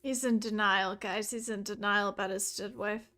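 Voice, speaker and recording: A woman streamer giving chatty, excitable let's play commentary full of rambling asides. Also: medium pitch, normal speed.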